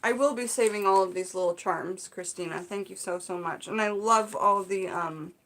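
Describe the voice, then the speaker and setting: A woman vlogger from the Seattle area chatting to her viewers as she opens gifts, gushing, excited and full of fillers. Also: mid-range voice, normal speed. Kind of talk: casual unboxing chat to viewers.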